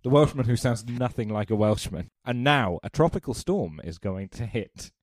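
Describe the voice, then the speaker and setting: A man on a casual podcast, playfully rambling through a film pitch with chuckles. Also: lively intonation, normal speed, darkish tone, dry recording, clean studio sound.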